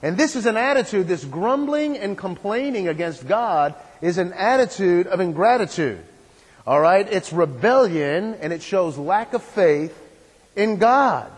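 A man's voice: sits high, expressive, unhurried, breathy edge. A man preaching a sermon as a pastor, repeating his phrases and asking the congregation rhetorical questions. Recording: long hall reverb.

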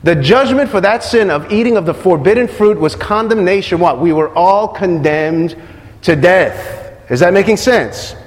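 High-voiced man preaching in a hall. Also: animated, normal speed. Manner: asks the congregation questions and repeats key phrases. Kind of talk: sermon.

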